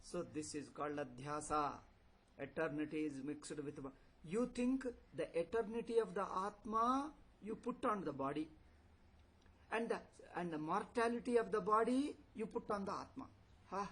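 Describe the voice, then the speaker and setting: A man's voice: high-pitched, lively intonation, normal speed, a bit bright, slightly rough, poor audio. A man giving a philosophy lecture as a swami, using rhetorical questions and repeating key points. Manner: rhetorical questions, repetition, chuckles. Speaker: swami teaching a scripture class.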